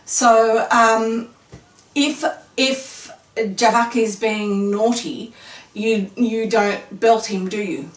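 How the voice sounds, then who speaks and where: A woman interviewer in a casual chat, her voice a touch high and recorded from some distance. She keeps leading the guest with questions and confirming each reply. The room adds a noticeable echo. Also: fairly even intonation, extremely slow. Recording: echoey room, mic at a distance.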